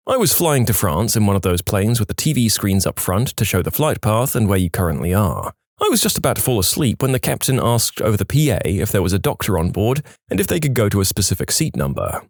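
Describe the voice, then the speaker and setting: Lively low-voiced man narrating stories. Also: brisk, no room sound, studio quality. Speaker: narrator reading online posts. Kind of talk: storytelling narration.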